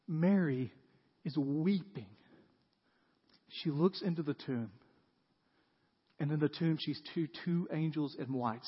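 A man's voice: medium pitch, slightly rough. A male pastor giving a conversational sermon, often asking the audience rhetorical questions. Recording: dull sound with long hall reverb.

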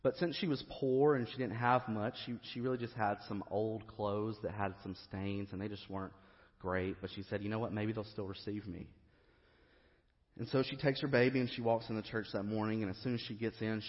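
A man preaching a sermon in a church, telling a story with strong emphasis. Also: on the low side. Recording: reverberant hall, dull lo-fi.

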